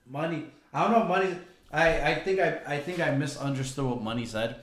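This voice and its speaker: A man's voice: a little high, fairly quick, a bit bright, reverberant, a little hiss or hum. A man joining casual podcast banter, teasing his friends and hesitating between laughs.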